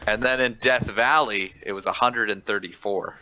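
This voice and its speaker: A man's voice: on the low side, normal speed, bright, forceful tone, rough recording. A man joining a game session as a co-player, chatting casually and joking around. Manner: joking, playful. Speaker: co-player, guest. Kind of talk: casual gaming chat.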